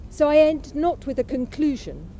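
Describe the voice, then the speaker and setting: A woman with a fairly high, mellow voice reads aloud from a lecture. Her delivery is measured and unhurried, literary in tone, and she gives each line room without any showiness. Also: big pitch swings, creaky, a little hiss or hum, rough recording. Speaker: speaker at a memorial event. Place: college chapel.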